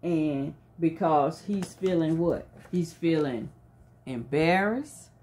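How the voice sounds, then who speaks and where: A woman reading a storybook aloud to children, pausing to ask them coaxing, leading questions about feelings. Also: deep voice, a little mellow, a little hiss or hum.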